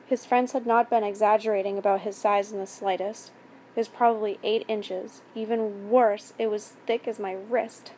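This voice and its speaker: A woman reading a first-person story aloud in a steady, even narration. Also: medium pitch, moderate pace, slight background noise.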